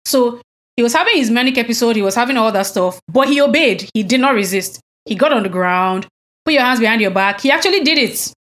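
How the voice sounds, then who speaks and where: A woman's voice: on the high side, animated, fast talker, a bit bright. Indignant woman recounting a story. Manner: indignant, emphatic storytelling with rhetorical questions. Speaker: podcast co-host. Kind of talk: casual conversational chat.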